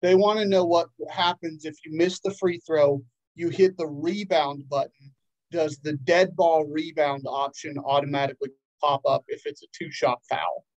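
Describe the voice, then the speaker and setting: A man joins a training webinar to clarify questions. He is direct and quick to correct. His voice sits somewhat high. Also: fairly even intonation, highs cut off.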